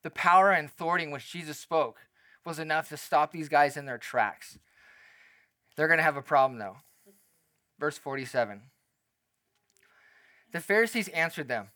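A man preaching a sermon as a pastor, speaking in a conversational, animated way and acting out the quotes he tells. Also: fairly high pitch, normal speed, pauses often, no echo.

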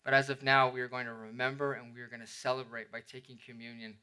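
A man preaching a sermon to a church congregation, earnest and conversational, rising to emphatic peaks and dropping quiet again. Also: mid-range voice, level tone, fast talker. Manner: relatable asides to the congregation. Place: church service.

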